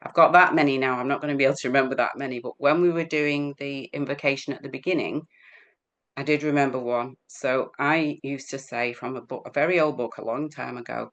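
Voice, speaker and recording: A woman's voice: deep voice, fairly quick. Chatty English woman, rambling. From England. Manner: chatty, rambling, laughs often. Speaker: guest healer. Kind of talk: casual chat.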